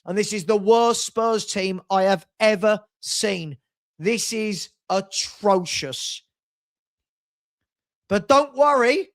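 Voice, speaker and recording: Older male fan host, unhurried delivery, sarcastic exasperation with sudden shouted outbursts. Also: high-pitched. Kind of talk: live football watchalong commentary.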